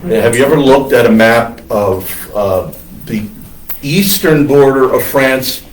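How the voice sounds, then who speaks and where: A priest lecturing on church history in a classroom, wandering into digressions with many ums and uhs. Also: male voice, medium pitch. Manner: discursive, digressive with many fillers. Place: classroom with students. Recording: roomy classroom from far off.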